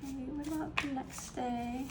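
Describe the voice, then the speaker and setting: A young woman doing a casual, upbeat tarot card reading, chatty and full of ums and small laughs, with some vocal fry. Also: high-pitched, fairly even intonation, moderate pace, heavy background noise. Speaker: tarot reader.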